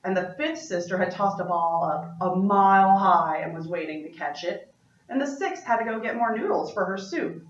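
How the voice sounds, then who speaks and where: A woman's voice: medium pitch, moderate pace. A woman telling a story aloud as a performance, playful and chatty with asides to her listeners. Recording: roomy, distant, dull-sounding room recording.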